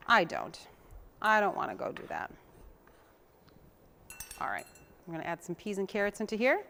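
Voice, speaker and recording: A woman's voice: mid-range voice, huge pitch swings, moderate pace, vocal fry, long pauses, bright, forceful tone. A woman hosting a casual cooking demonstration, chatting to viewers in a homey way while she chops and mixes, sometimes drifting away from the mic. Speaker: cooking show host.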